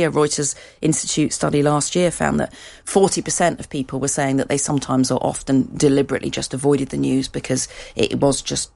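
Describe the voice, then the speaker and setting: Low-voiced woman explaining research calmly. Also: gravelly. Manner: measured, explanatory, cites research. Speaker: guest expert. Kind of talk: conversational interview answers.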